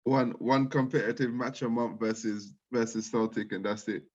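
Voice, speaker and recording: A man's voice: medium pitch, level tone, normal speed, darkish tone. Casual male co-host, hesitant restarts, muffled lo-fi call audio. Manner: hesitant, repeats words as he thinks. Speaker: co-host of a football chat show. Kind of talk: casual football chat.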